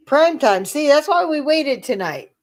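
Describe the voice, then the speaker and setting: A woman's voice: high voice, big pitch swings, measured pace. A woman co-hosting a casual livestream, cracking bawdy jokes and laughing constantly. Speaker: livestream co-host.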